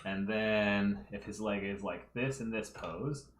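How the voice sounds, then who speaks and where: A man's voice: fairly low pitch, steady tone, takes it slowly, echoey room, a little hiss or hum. A man casually livestreaming as he draws, talking through his work step by step and thinking aloud, at home. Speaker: livestreaming fan artist. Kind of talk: casual livestream commentary while drawing. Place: room at home.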